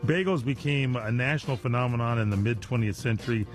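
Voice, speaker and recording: A man's voice: mid-range voice, fast, soft background music. An older man hosting a radio show in casual, rambling chat full of fillers and jokes, recorded on a studio mic. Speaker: radio host. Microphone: studio microphone.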